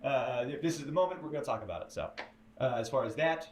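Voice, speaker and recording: A man being interviewed, telling a story in a chatty, halting way with fillers and getting animated as he goes. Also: mid-range voice, a little hiss or hum. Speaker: guest in an interview, former writer. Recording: distant, roomy interview audio played on stream.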